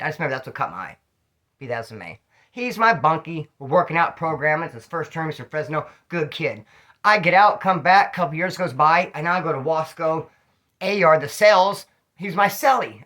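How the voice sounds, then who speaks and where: Fast, bright-voiced slangy man storyteller. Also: a little high. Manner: rambling, slangy, animated storyteller. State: tipsy. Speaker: vlogger telling prison stories. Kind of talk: casual storytelling to camera.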